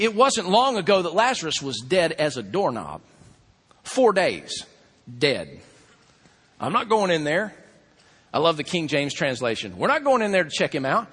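A man delivers a lively sermon in a high-pitched, husky voice. He acts out the voices of a crowd and swings from loud excitement to hushed intensity. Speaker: pastor.

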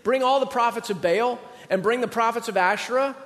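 A preacher putting on a brash, mocking prophet. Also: male voice, very high-pitched, brisk, a bit bright, voice pushed up. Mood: bold. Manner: brash, teasing, conversational. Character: bold, mocking male prophet, middle-aged. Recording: reverberant hall.

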